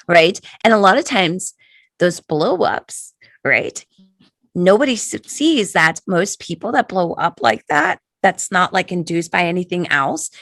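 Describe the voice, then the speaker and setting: A woman's voice: medium pitch, fairly bright tone, no echo. A middle-aged woman hosting a casual guided reflection talk, chatty and earnest, often checking in with "right?". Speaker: tarot shop host and spiritual guide.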